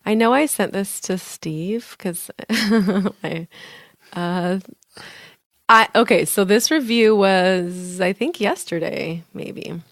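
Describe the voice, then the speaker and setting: Woman, podcast co-host, tired, chatty, quick bursts, dry sound. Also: medium pitch, no echo. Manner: chatty, laughs often, quick bursts of speech. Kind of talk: casual chat.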